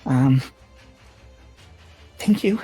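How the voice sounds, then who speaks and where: A man voicing an injured young woman healer who cries out in a high, strained voice for help. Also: expressive, extremely slow, mellow, husky, faint music behind, heavily acted. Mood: relieved, shaky.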